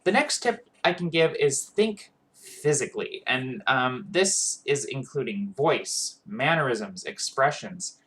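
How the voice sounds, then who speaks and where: A man's voice: medium pitch, lively intonation, slow pace, a bit bright. A man hosting a video with tips for tabletop role-playing, talking in a casual, earnest way with many ums and restarts. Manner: earnest, with frequent fillers and restarts. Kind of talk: casual advice monologue.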